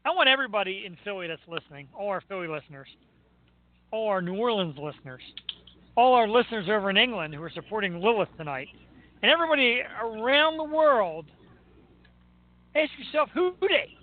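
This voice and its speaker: A man hosting a talk show, chatting and ranting about sports in an excitable, joking way. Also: high-pitched, fairly quick, long pauses. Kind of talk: casual sports rant and chat. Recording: tinny phone-like line with faint noise.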